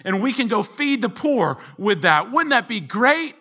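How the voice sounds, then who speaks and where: A man voicing an eager, excitable chicken in a joke he tells during a sermon, using a squeaky high voice. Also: measured pace, exaggerated voice. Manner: chirpy, enthusiastic, squeaky high.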